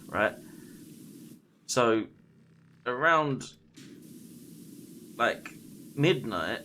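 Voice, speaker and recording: Slow, halting man telling a ghost story. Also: medium pitch, animated, fairly bright tone, slight background noise. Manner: halting, full of "like" and "you know" and restarts. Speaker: streamer. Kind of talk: casual retelling of a scary story.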